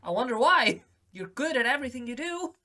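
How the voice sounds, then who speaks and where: A woman's voice: high voice, sing-song, brisk, a crowd in the background. A young woman hosting a film reaction video, commenting emotionally and talking back to the screen.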